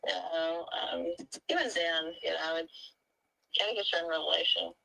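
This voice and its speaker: A woman talks in a casual, animated way, running through a long story and acting out what people said. Her voice sits fairly low, with a gravelly edge and a bright, forward tone. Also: normal speed, poor audio. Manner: animated storytelling, acts out quotes. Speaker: interviewee. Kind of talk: casual recorded conversation.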